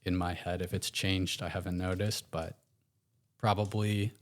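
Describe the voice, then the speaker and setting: A man with an American accent talks as a guest on a podcast, in a casual storytelling manner that wanders and restarts. His voice sits somewhat low. He fills pauses with loose, easygoing asides. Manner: relaxed, rambling, many fillers and restarts.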